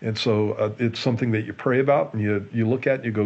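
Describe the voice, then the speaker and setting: Husky-voiced pastor teaching casually. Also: male voice, lowish voice, steady tone, quick pace, hardly any pauses, darkish tone, highs cut off. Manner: earnest, often restarts and repeats words. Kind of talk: conversational Bible teaching in a Q&A show.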